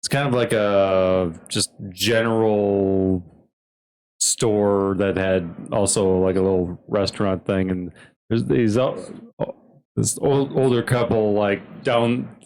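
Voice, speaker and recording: Slow halting low-voiced man. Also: fairly even intonation, darkish tone. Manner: halting, with many restarts. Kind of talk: casual chat.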